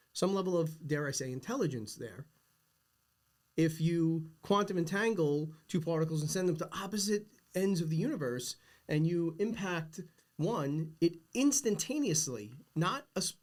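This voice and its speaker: A middle-aged man hosting a casual podcast conversation, talking earnestly and insistently about big ideas. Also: a little high. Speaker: podcast host.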